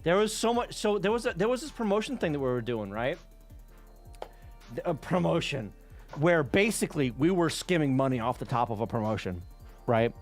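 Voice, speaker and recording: Man, streamer, casual storytelling, high lively voice, swearing, faint background music. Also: moderate pace. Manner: animated, swearing, laughing often.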